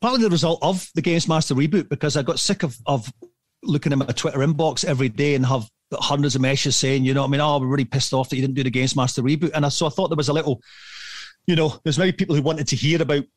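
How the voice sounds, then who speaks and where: A middle-aged man telling a rambling, animated story as a podcast guest, swearing freely and laughing at himself. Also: on the high side, quick pace, no room sound. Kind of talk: casual anecdote telling.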